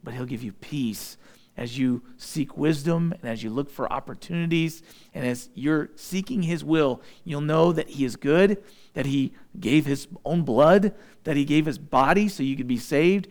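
A man preaching a sermon, animated, acting out voices in his retelling and dropping low and quiet for emphasis. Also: a little slow. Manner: animated preaching, voices the Israelites' grumbling and drops to a low intense tone. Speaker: pastor.

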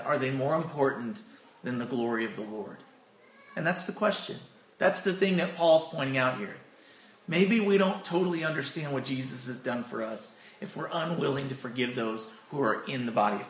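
A man preaching a sermon, earnest and steady, who asks rhetorical questions and slows down to press a point. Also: fairly high pitch. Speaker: pastor. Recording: roomy echo.

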